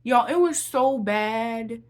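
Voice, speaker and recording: This young woman, a Christian encouragement vlogger, gives a heartfelt personal testimony, repeating herself often and calling viewers y'all. Her voice is a little high and her pace slow.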